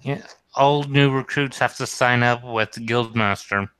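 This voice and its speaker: A man playing a tabletop game, narrating his character in third person deliberately. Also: medium pitch, a bit bright, clean tone, no echo, poor audio. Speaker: player. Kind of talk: casual tabletop game play.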